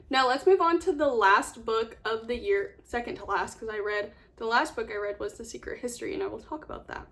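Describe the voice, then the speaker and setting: A woman's voice: on the high side, fairly bright tone. A young woman vlogger chatting casually about books she read, gushing and rambling, repeating words for emphasis. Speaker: book vlogger. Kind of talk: casual book review chat.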